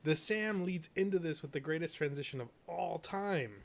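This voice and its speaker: A young man with a gravelly edge to his voice, co-hosting a podcast. He recaps a TV episode in loose, rambling casual chat, often restarting his sentences. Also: on the high side, normal speed. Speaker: podcast co-host.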